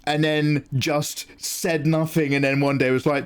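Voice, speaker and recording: A man who streams his drawing and chats excitedly, swearing freely and reading out viewer messages. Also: a little high, moderate pace. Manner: excitable, swears freely, reads chat aloud. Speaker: live-streaming artist. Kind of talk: casual livestream chat.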